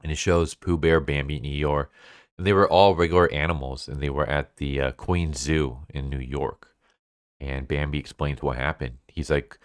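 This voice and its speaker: A man with a very deep, smooth voice retells a comic's plot in a relaxed, chuckling way. He talks loosely, with plenty of filler words. The recording is dry and close. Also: normal speed, dry recording. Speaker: comic book reviewer. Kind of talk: casual review recap.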